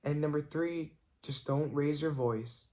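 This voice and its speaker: A man's voice: on the high side, measured pace, dark tone. A young man vlogging, telling a family story in an earnest, reflective way and filling his talk with "like". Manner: chatty, many "like" fillers, earnest and reflective. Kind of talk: casual storytelling vlog.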